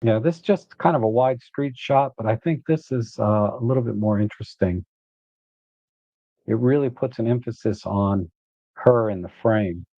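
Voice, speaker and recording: A man hosting a live photo editing walkthrough, relaxed and thinking aloud as he works. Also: mid-range voice, moderate pace, no room sound, lo-fi sound.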